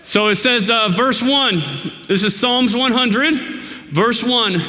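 A man preaching a sermon in a church, telling a personal story in an emphatic, lively storytelling manner. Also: very high-pitched, slow. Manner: storytelling, emphatic, shouts when reliving anger. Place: church hall. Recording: echoey church hall.

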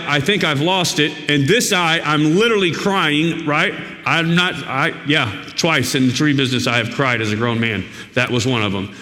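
A man preaching a sermon in a church, telling a personal story in an emphatic, lively storytelling manner. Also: a little high. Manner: storytelling, emphatic, shouts when reliving anger. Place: church hall. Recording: echoey church hall.

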